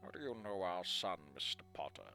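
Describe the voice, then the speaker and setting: A man's voice: low voice, lively intonation, pushed and bright, soft background music, voice pushed down, full character voice. A man reading a story aloud, voicing a stiff middle-aged father who sounds strained and throaty, as if something is lodged in his throat. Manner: slow, stilted, trying his best.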